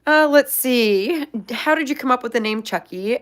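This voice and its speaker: A woman's voice: a little high, expressive, normal speed. A young woman chatting casually about her pet, answering viewer questions with lots of filler words. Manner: chatty, upbeat, many "like" fillers. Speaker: pet pig owner, channel host.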